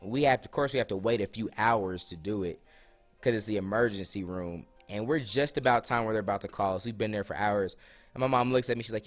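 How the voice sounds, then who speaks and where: A man's voice: on the low side, fast talker, soft background music. A young man in casual, slangy storytime, losing his voice a little. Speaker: vlogger.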